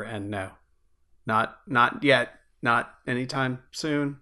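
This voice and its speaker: A man's voice: medium pitch, unhurried, fairly bright tone. A man hosts a casual podcast in an easygoing way. He laughs easily and lets his sentences trail off. He is talking over a remote video call. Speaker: podcast host. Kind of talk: casual chat.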